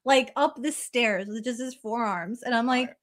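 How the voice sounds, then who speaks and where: A woman guest on a podcast, telling stories in giggly, animated casual chat with lots of "like". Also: a little high, normal speed.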